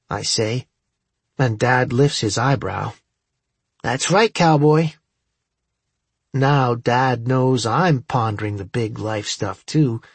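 A man's voice: medium pitch, vocal fry, slightly rough, no echo. A man reading a first-person story aloud as an audiobook narrator, in a wry, conversational way.

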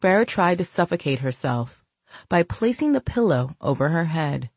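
A woman narrates a novel for an audiobook in a measured, even manner. Her voice sits fairly low. The recording is dry and close, with no room sound. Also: breathy edge, dry recording. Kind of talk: scripted narration.

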